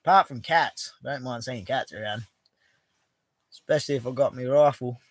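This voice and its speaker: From a bush camp in the outback, a middle-aged Australian man from Western Australia hosts a relaxed live chat. He talks at a medium pitch and normal speed with no room sound, staying blunt and casual and swearing without restraint.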